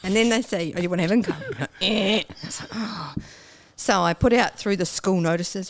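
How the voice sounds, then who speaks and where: Animated woman. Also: on the low side, fast talker, no room sound. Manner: animated, acts out her own past self with sudden squeals and whispers. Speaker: guest. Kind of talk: storytelling in a casual interview.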